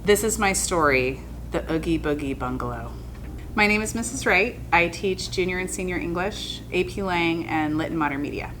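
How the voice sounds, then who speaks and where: A woman, a high school English teacher, telling a spooky classroom anecdote in a dramatic, lively way. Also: normal speed, soft background music. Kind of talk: personal anecdote storytelling.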